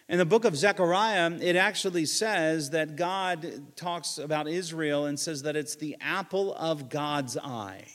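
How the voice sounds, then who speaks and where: A man preaching a sermon, shifting between loud emphatic lines and quiet asides. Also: on the high side, in a large hall. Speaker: pastor.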